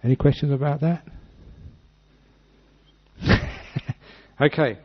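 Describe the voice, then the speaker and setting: A male Buddhist monk gives a dhamma talk, reading scripture and then unpacking it in a calm, unhurried way. His voice sits in an ordinary middle range. The recording is muffled and lo-fi, like an old archived talk. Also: medium pitch. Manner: unhurried, reads text then explains with gentle humour.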